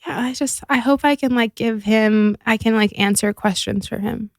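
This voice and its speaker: A woman's voice: on the high side, moderate pace, no room sound, studio quality. A young adult woman chatting as a podcast guest, talkative and full of fillers like "like" and "um". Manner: chatty, filler-heavy, giggly. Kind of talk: casual chat.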